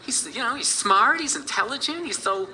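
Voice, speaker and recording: A man's voice: very high-pitched, animated, moderate pace, bright, forceful tone, a little hiss or hum, pitched above the performer's own voice, exaggerated voice, rough recording. A man voicing a starry-eyed young woman who gushes in a breathless rush. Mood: gushing. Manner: breathless and gushing. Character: gushing young woman smitten with his dad.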